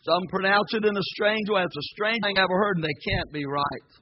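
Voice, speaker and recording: A man preaching to his congregation, folksy and joking, often swelling into shouted hallelujahs. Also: high-pitched, a little fast, highs cut off, slight background noise. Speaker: pastor. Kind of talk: sermon. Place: church sanctuary before a congregation.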